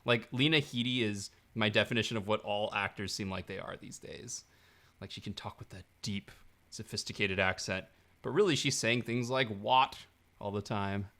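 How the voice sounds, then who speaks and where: A man co-hosting a casual movie chat, rambling along and laughing often. His voice is bright and forceful. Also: on the low side, moderate pace. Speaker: podcast co-host.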